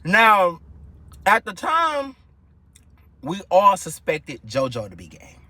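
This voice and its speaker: This storyteller vlogger is a young man spinning an animated, profane, gossipy family tale as a casual storytime monologue. He speaks at a slow pace in a high, bright, sharp voice with wide pitch swings. The recording is dry and captured close to the mic.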